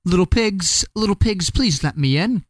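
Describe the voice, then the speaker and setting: A man's voice: high voice, expressive, moderate pace, no echo, studio quality, pitched above the performer's own voice. A man voicing a hungry, not very smart male wolf who sweet-talks in a raised, wheedling voice.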